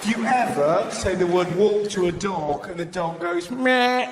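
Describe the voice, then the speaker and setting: A male stand-up comedian telling stories live, brisk and animated, swearing freely and slipping into character voices. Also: high voice. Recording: live show with audience noise. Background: audience laughter.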